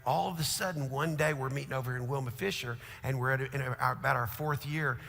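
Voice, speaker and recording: Middle-aged man, pastor, sermon storyteller, forceful and gravelly, big reverberant church. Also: mid-range voice, steady tone, fast. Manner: storytelling, swings from hushed to shouting. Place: large church auditorium. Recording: long hall reverb.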